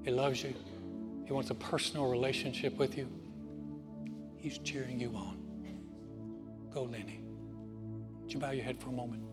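A male pastor preaching a sermon in a church auditorium, telling stories earnestly and dropping to soft, quiet phrases. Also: medium pitch, flat delivery. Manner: earnest storytelling with dramatic pauses, softening to near-whisper. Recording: reverberant hall with music behind.

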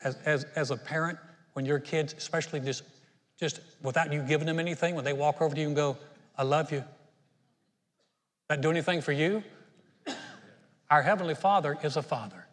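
An older male pastor preaches in an earnest, conversational way and often restarts his sentences. His voice sits a little high for a man. It rings out with a long reverb that fills the auditorium. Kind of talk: sermon.

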